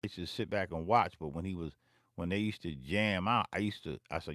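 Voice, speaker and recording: A low-pitched but fairly bright-toned man from Philadelphia talks briskly to camera in his home music studio, where he makes beats and hosts a vlog. His long, profane story rambles and repeats, with no room sound.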